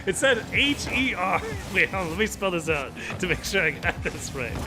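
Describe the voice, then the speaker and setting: An American man hosts a stream, chatting loosely while he watches a game, with music playing behind him. His high-pitched, sing-song voice moves at a normal speed, and he stammers, repeats himself, and laughs a lot.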